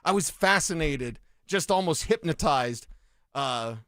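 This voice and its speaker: A man from Colorado co-hosting a sports radio show, bantering casually with quick interjections. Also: on the high side, expressive, fairly bright tone, no room sound, clean studio sound. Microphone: studio mic.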